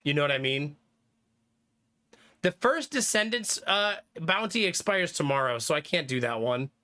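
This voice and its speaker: A man's voice: on the high side, animated, moderate pace, sharp tone. A young man streaming live, rambling casually to his chat about which games he plans to play, with lots of fillers. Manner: rambling, thinking aloud, frequent fillers and laughs.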